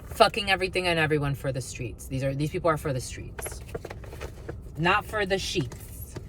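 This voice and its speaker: A woman's voice: deep voice, moderate pace, noisy background. A woman doing a casual tarot energy reading, blunt and profane, with sing-song asides and mocking voices.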